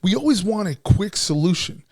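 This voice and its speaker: A man's voice: high voice, big pitch swings, moderate pace, darkish tone, no room sound, studio quality. A man co-hosting a podcast, talking in a blunt, frustrated way and swearing heavily in casual chat. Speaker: podcast co-host.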